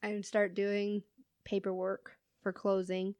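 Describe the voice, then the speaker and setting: A woman's voice: mid-range voice, completely flat delivery, takes it slowly, a little mellow, smooth, no room sound. A young woman chatting casually, telling funny work stories and laughing often. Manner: laughs often, storytelling with quoted voices. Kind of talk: casual chat.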